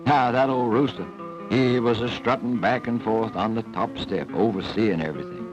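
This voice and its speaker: A man's voice: on the low side, normal speed. A man telling a folk tale in a folksy, homespun drawl, from an old film soundtrack. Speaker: storyteller. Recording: dull old film soundtrack, faint music.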